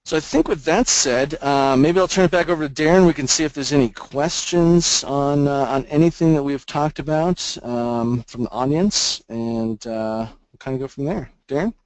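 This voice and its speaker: A man's voice: medium pitch, moderate pace, hardly any pauses, no room sound, low-quality recording. Brief: male webinar presenter, casual explainer, dry close-miked sound. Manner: casual explanatory, frequent fillers. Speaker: product demo presenter. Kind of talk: webinar software demo.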